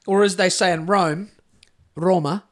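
High-voiced New Zealand man, rambling podcast host. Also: moderate pace, a bit bright. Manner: rambling, sweary, jokey. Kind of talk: casual chat.

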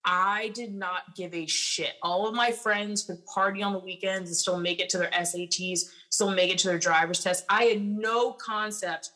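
Blunt, profane young woman, bright voice. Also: mid-range voice, fairly even intonation, moderate pace, few pauses, rough recording. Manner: blunt and profane, heavy filler words. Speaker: podcast guest. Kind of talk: candid personal storytelling.

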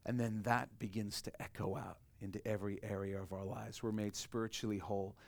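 A man preaching a sermon, swinging from loud emphatic peaks to soft, quiet lines and repeating key phrases for emphasis. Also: on the low side, level tone, brisk, vocal fry. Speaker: pastor.

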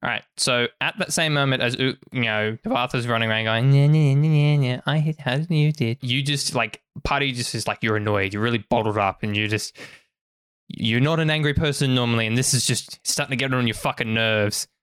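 A man's voice: medium pitch, a little fast, sharp tone, smooth. Casual, swearing game master man. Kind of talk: narrating a tabletop game.

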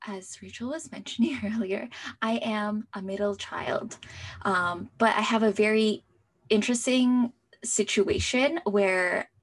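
Chatty young woman, soft-spoken asides. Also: medium pitch, measured pace. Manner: chatty, full of "like" fillers and restarts; drops to a soft near-whisper at times. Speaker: interview guest. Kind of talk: casual personal storytelling.

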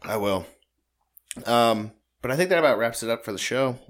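A man's voice: medium pitch, expressive, normal speed, a little hiss or hum. A man co-hosting a podcast in loose, rambling casual chat, joking and swearing. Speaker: podcast co-host.

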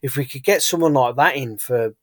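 A man's voice: medium pitch, brisk, no room sound, clean studio sound. A man with a British accent, co-hosting a casual sports podcast, chatty and rambling with frequent fillers and restarts. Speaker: podcast co-host.

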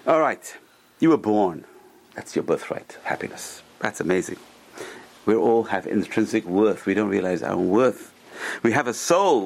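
A man teaches a Torah class to a small group, enthusiastic and often exclaiming as he tells stories. His voice is on the low side and expressive, with vocal fry, at a normal speed.

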